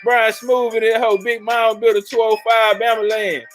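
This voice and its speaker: A man with a strikingly high voice hosts a casual livestream. He talks loud, profane and hyped up, firing off shout-outs and jokes at his chat. Faint music plays behind him. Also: little pitch movement, normal speed, low-quality recording. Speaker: livestream host.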